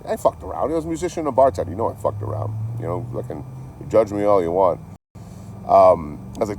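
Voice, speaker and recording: A man's voice: deep voice, expressive, fast talker, creaky, darkish tone, a little hiss or hum. A man telling a long story to his live chat in a rambling, laid-back way, swearing constantly and thanking viewers along the way. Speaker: livestreamer telling stories.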